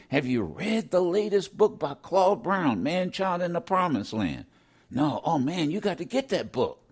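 An older man giving casual commentary from his home studio. His voice sits somewhat high and moves with a lot of lively swing. He restarts his sentences often as his thoughts outrun his words. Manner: animated, restarts often, quickens when excited. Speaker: radio show co-host.

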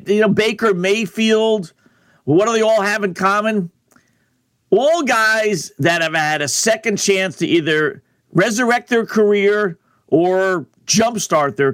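A man's voice: a little high, a bit bright, no room sound. A man hosting a sports betting radio show, talking in a wry, conversational monologue full of rhetorical questions.

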